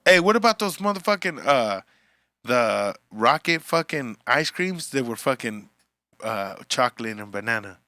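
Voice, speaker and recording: A man's voice: mid-range voice, big pitch swings, normal speed, pushed and bright, no echo, studio quality. A man guesting on a podcast, chatting casually with a profane, sing-song way of talking. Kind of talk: casual chat.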